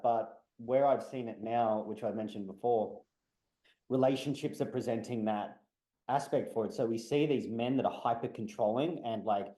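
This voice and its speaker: A man's voice: mid-range voice, dark tone, roomy sound, poor audio. A man who is a guest on a podcast, talking bluntly in casual conversation and swearing now and then. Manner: blunt, swearing, acts out quotes with energy.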